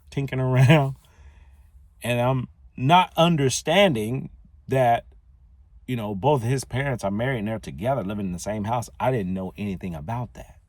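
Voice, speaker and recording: A man hosting a solo podcast, telling a personal story in a casual, conversational, animated way. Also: mid-range voice, dry recording. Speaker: podcast host.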